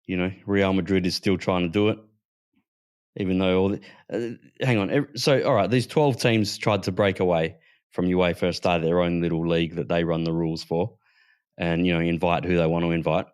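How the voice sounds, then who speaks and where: A man's voice: deep voice, no echo, studio quality. A man from Western Australia, co-hosting a casual podcast and ranting heatedly, with swearing. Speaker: podcast co-host.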